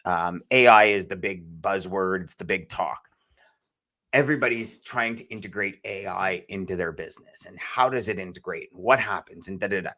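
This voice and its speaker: A man's voice: low-pitched, normal speed, bright, forceful tone. A man co-hosting a podcast, talking in a loose, rambling way and calling his co-host "brother". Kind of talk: casual podcast chat.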